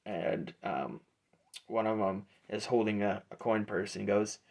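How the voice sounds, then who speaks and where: A man's voice: on the low side, steady tone, unhurried, gravelly, darkish tone. Casual male game master. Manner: casual, rambling with fillers. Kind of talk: narrating a tabletop game.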